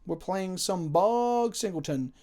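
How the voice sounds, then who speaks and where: A man's voice: sits high, lively intonation, takes it slowly, dark tone. Chatty, profane male game streamer. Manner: casual, profane, answers chat. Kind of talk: live stream commentary.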